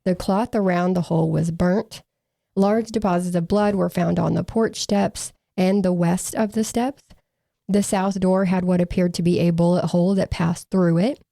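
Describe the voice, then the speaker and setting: A woman's voice: lowish voice, steady tone, normal speed, creaky, mellow, dry recording. A woman co-hosting a true crime podcast, reading from case reports with dry, sarcastic asides.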